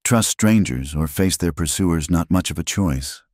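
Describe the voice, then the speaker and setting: A very deep male voice narrates a frontier story with dramatic expression. His pitch rises and falls in a lively way. The recording is dry and close, with no room sound. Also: moderate pace, no room sound.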